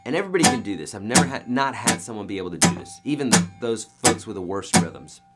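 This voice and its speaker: In a quick, animated delivery with a fairly low voice, a man walks beginners through a guitar lesson. He coaches emphatically, repeats "okay" and "right," and counts beats aloud as he strums.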